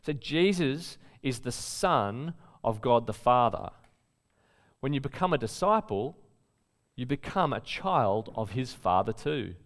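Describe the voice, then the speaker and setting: The sermon comes from a pastor with a mid-range voice and a measured pace, who keeps it conversational, telling spirited stories and quoting others forcefully.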